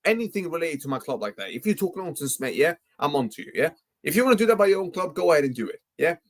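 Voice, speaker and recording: A man's voice: a little high, sing-song, quick pace. A young man hosting a football live stream, ranting heatedly and tagging nearly every phrase with "yeah?" and "mate". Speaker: football livestream host.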